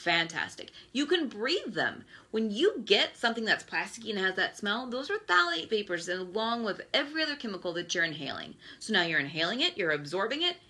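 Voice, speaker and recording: A woman's voice: mid-range voice, big pitch swings, a little fast, few pauses, pushed and bright. Exasperated woman ranting on a live stream. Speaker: host. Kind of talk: Facebook Live talk.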